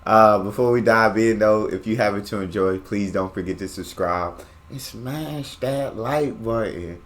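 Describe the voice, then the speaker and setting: American man, reaction host, casual slangy chat, low voice. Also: unhurried, slight background noise. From United States. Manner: relaxed, chatty, slangy.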